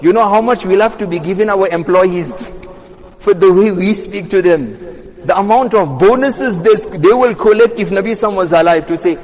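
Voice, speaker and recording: A man with a fairly high voice delivers a sermon, telling a story with lively storytelling energy. He acts out the speakers in the tale and breaks into short recited Arabic passages. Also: moderate pace, in a large hall. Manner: animated retelling that acts out quoted speech. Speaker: Islamic scholar.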